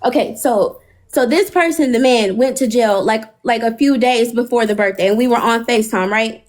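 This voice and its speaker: A woman's voice: a little high, moderate pace. A woman hosting a live stream, telling a long story in casual chat, cursing and acting out what people said. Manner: animated, profane, retells dialogue.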